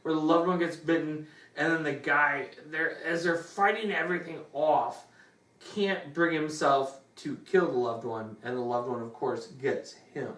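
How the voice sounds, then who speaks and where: A movie reviewer telling a plot in a crude, rambling, animated way during a casual review. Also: medium pitch, measured pace. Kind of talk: comedic movie review chat. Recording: roomy room, distant mic.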